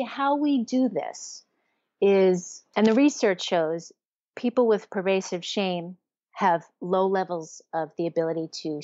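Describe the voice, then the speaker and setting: A woman's voice: medium pitch, a little mellow, no room sound. A woman therapist, interviewed as a guest, explaining ideas earnestly and voicing inner self-talk as examples. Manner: earnest, teaching, acts out self-talk in quotes. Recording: dull, lo-fi, dry sound.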